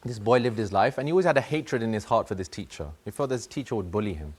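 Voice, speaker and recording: A man's voice: fairly low pitch, lively intonation, quick pace, slightly rough. A man telling a moral story to children, acting out the voices of a strict teacher and a pupil. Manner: acts out voices of the teacher and boy. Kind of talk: animated storytelling.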